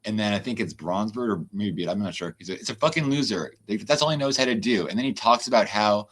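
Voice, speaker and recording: A man's voice: lowish voice, animated, a bit bright, a little hiss or hum. A man hosting a livestream, ranting in a casual, heated way with lots of swearing and exasperated asides. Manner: profane, fast-shifting, exasperated. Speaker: livestream host.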